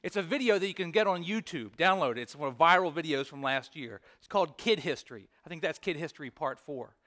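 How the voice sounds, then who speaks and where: A man's voice: a little high, lively intonation, quick pace, bright, forceful tone. A man preaching a sermon as pastor, reading scripture, praying and telling stories in an earnest, emphatic way.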